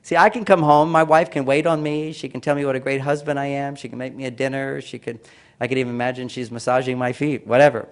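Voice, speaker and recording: A man's voice: flat delivery, fast. A man giving a lecture-style talk, speaking emphatically with repeated phrases and acting out quoted voices. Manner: acts out quoted voices with raised pitch and emphasis.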